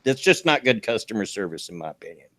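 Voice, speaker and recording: A man's voice: lowish voice, sing-song, quick pace, a bit bright. An older man co-hosting a casual online radio chat, folksy and rambling with many fillers. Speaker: co-host.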